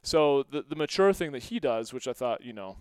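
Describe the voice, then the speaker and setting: A middle-aged man hosting a podcast, telling funny stories in a casual monologue and acting out quotes in a higher voice, laughing often. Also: a little fast, clear, resonant tone, dry recording, clean studio sound. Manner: animated, acts out quotes with raised pitch, laughs often. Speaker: podcast host.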